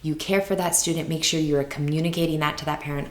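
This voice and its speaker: A woman with a notably low voice gives teaching advice straight to camera in a relaxed, conversational way. She keeps tossing in little tag questions to check in with viewers, and her voice rings off the walls of an echoey room. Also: fast. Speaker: teacher and channel host. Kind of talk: advice video talking to camera.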